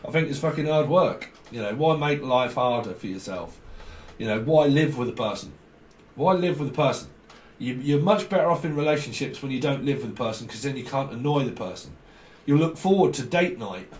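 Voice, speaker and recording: A tarot reader from near London rambles through a reading, free-associating, swearing and chuckling along the way. His mid-range voice has a darkish tone and lively intonation at normal speed, recorded with roomy sound from a distant mic.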